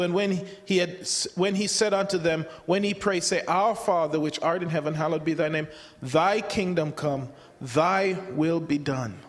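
A man gives a sermon in a strikingly high voice, talking in a conversational way and taking on the voices of those he quotes. Restarts and repeated words come often. His sound echoes with long reverb, like a big church hall.

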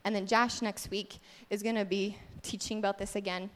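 A woman's voice: mid-range voice, little pitch movement, normal speed. A woman giving a casual sermon-style teaching at church, candid and self-deprecating about her own faults. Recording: long hall reverb.

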